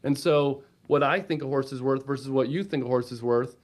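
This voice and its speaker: Male guest, mid-pitched, animated storyteller, frequent "right?" tags. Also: a little fast. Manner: energetic storyteller, quotes himself and wife, lots of "right?". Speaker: guest, platform co-founder. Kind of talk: podcast interview.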